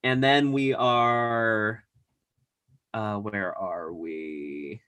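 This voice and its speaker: Guy with a bright tense voice, chatty rambling recap, lots of likes and ums. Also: fairly low pitch, fairly even intonation, extremely slow. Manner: rambling, filler-heavy retelling. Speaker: podcast co-host recapping a TV episode. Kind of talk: casual chat.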